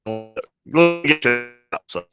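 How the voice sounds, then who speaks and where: A man hosting a casual chat over a video call from his phone, halting and restarting his sentences. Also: mid-range voice, music in the background. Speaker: podcast host.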